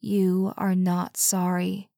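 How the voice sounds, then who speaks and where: A woman gives voice to a cold and terse unknown entity in a storybook reading. She answers in slow, low, clipped replies that give nothing away, and the recording is dry and close. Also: completely flat delivery, creaky, mellow, no room sound.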